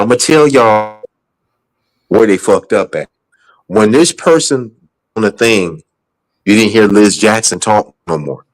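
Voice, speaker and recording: Man, livestream host, heated and accusing, repeats his points, pitch jumps up and down. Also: poor audio. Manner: animated, accusing, repeats himself. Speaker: show host. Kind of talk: heated casual livestream talk.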